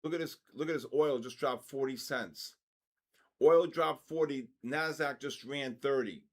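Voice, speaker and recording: An older man hosting a live trading stream, excitedly calling out price moves and giving quick trade advice. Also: mid-range voice. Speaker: trading livestream host. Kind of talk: live market commentary.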